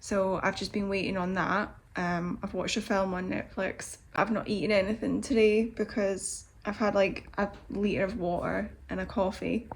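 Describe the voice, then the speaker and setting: A woman's voice: medium pitch, steady tone, normal speed, few pauses. A woman in her thirties, drained and emotional, rambling candidly in a confessional vlog. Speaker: vlogger.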